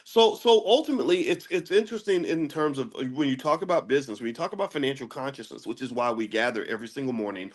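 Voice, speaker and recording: A man hosting a daily finance class. He talks in a casual lecture style, often restarts and repeats words, asks rhetorical questions, and jumps to a high pitch when he makes a point. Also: animated, quick pace, few pauses.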